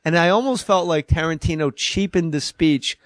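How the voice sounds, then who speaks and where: A man hosting a comedy podcast in a studio. He chats casually, bossy and quick to swear, and tells stories. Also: a little high, dry recording. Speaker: podcast host.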